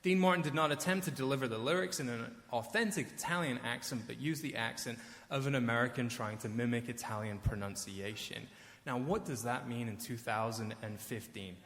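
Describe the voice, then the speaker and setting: A man's voice: mid-range voice, fairly bright tone. A middle-aged man preaching a sermon as pastor, telling stories with wry, self-deprecating asides. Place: church sanctuary. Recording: echoey church hall.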